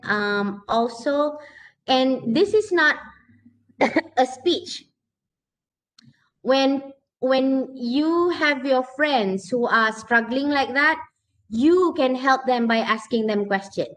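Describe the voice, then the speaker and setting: A woman gives an online lesson in a slightly high voice. She talks in a chatty, lively way and acts out short sample conversations to show her students how to speak. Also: takes it slowly, slight background noise, poor audio. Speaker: lecturer. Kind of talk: online class lecture.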